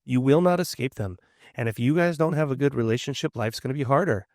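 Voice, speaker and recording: A man's voice: medium pitch, fast talker, darkish tone, no echo. Earnest male podcast co-host, dry sound. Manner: earnest, encouraging, explains at length. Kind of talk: casual conversational podcast chat.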